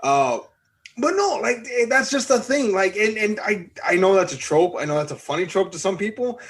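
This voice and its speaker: A man's voice: high-pitched, lively intonation, moderate pace, fairly bright tone. A man co-hosting a podcast, chatting casually and ranting with a lot of swearing. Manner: profane, ranting, jokey. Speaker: podcast co-host.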